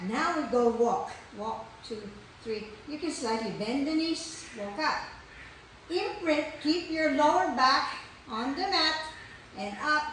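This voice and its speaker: Woman fitness instructor, high voice, slow deliberate cues, echoey room, heard from off-mic. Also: a bit bright, distant mic, slight background noise. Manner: counts breaths, cheers with whoops. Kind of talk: guided core workout class.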